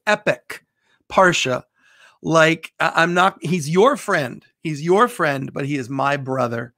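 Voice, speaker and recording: A bishop hosting a livestream, a man who talks loudly with animated energy. His voice sits a little high, and he jokes and cuts himself off as he goes. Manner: loud, animated, joking, self-interrupting. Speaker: bishop and show host. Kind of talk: livestream prayer and chat.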